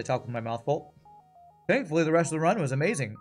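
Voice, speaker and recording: A man's voice: a little high, big pitch swings, quick pace, soft background music. A man casually commenting while streaming a video game, thinking aloud and laughing easily.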